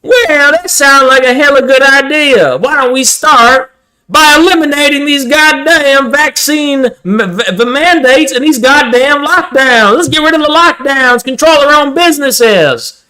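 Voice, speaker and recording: A man voicing a loud, crude small-town conservative who drawls and swears a lot. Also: very high-pitched, unhurried, voice pushed up, full character voice. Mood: riled up.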